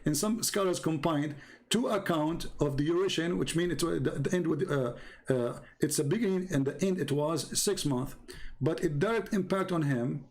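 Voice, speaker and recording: A man's voice: a little high, moderate pace, a little mellow. A man hosting a livestreamed religious debate over a call, argumentative and repetitive, with many fillers. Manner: argumentative, repeats himself, frequent uh fillers. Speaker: debate show host.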